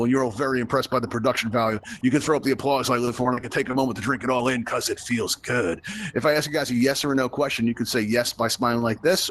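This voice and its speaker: A Brooklyn man hosts and teaches a live virtual reality tutorial, his voice medium in pitch and fairly bright. He's chatty and full of jokes, often checking in with the audience with a quick "right?"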